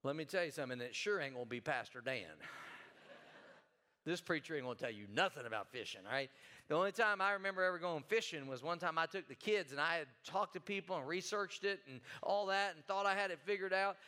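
Male pastor, high and bright voice, casual folksy sermon delivery with frequent restarts. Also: fast talker. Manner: folksy, conversational, stumbles and repeats words.

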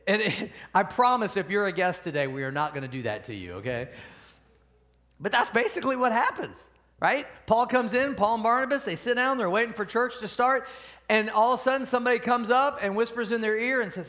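Man, fairly high voice, pastor, easygoing sermon, asks the crowd questions. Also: expressive, brisk, sharp tone. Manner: casual, keeps asking the congregation questions. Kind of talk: conversational sermon. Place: church service.

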